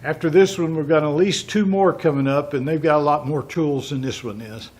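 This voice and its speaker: A middle-aged man with a Texas accent, hosting a vlog and jokingly pitching a run-down warehouse as a workshop. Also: brisk, darkish tone, husky. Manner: teasing, mock sales pitch. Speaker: woodworking channel host.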